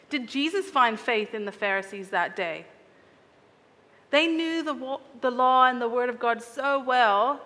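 A woman's voice: a little high, pushed and bright, big-room sound. A woman preaching a sermon in an earnest, reflective way, often asking her listeners searching questions.

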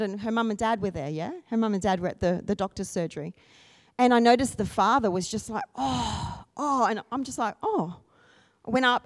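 A woman preaching a sermon, swinging from soft storytelling to loud, high-pitched exhortation. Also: no echo.

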